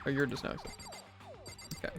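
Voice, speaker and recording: A man streams a visual novel in a let's play, quickly reading every character's lines aloud himself over loud music. He tosses in jokey asides as he goes.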